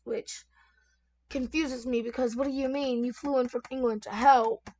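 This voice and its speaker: Brief: high-pitched woman, chatty story reader, talks straight to her viewers with lots of asides. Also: no echo. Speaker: content creator reading online stories. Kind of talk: casual story reading and reacting. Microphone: desk microphone at lowered sensitivity.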